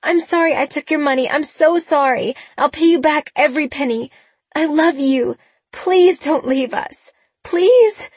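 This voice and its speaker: A woman reading an audiobook, voicing a distraught teenage girl who pleads through tears in a high, strained voice. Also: a little slow, a little mellow, no room sound. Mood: pleading, tearful.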